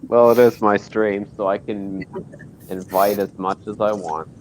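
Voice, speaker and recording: A man hosting his live stream, chatting casually with dry deadpan remarks. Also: lowish voice, a little slow, slight background noise, poor audio. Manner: dry, deadpan one-liners. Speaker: streamer, host.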